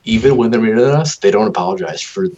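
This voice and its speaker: Lively low-voiced man ranting, lo-fi. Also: fast talker. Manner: ranting, emphatic, quotes people. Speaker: podcast co-host. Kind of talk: casual chat with profanity. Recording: dull lo-fi sound.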